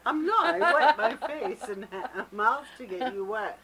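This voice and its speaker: A woman's voice: on the high side, lively intonation, a little slow, a crowd in the background. A woman co-hosting a casual radio show, teasing and trading sarcastic jabs.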